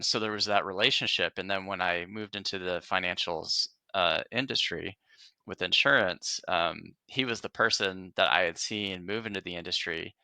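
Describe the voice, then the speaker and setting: Deep bright-toned man in casual interview. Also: no room sound. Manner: earnest, reflective, with many fillers and restarts. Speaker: podcast guest, entrepreneur.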